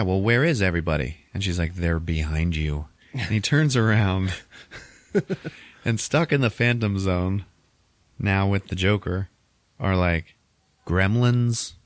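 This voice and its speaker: Podcast host, male, deep voice, casual amused movie recap with frequent chuckles, dry recording. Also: dry recording. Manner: chuckles often while retelling scenes.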